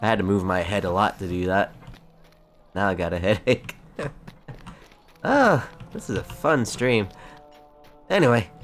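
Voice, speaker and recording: Young male streamer, low voice, very lively delivery, faint music underneath. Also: a little slow, pauses often. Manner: playful, reads quest text aloud. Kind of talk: casual live-stream commentary.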